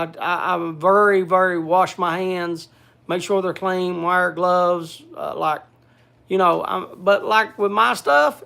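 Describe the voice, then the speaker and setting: A man's voice: sits high, vocal fry, pushed and bright. A man casually chatting to viewers on a livestream, rambling with many restarts and scolding his pet. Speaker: livestream host.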